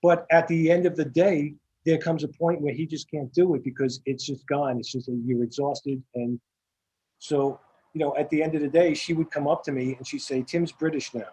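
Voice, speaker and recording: An older film director with a Staten Island accent tells his stories in a husky, slightly high voice. He rambles and restarts, repeating words as the anecdotes pick up. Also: little pitch movement, normal speed, dark tone, low-quality recording. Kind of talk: casual storytelling interview.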